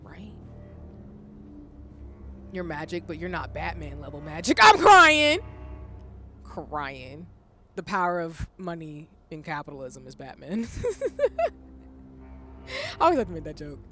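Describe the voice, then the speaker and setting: Southern streamer, casual and animated, lively pitch. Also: measured pace, pauses often, faint music behind. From Southern United States. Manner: chatty, animated, addresses chat. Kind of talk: casual gameplay commentary.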